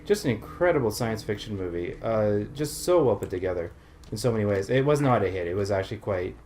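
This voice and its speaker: A man's voice: lowish voice, expressive, quick pace, darkish tone, slight background noise. A man with a Canadian accent, talking casually while playing a video game as co-host, chatty, laughing often and gushing about films. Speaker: player and co-host. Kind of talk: casual let's-play commentary.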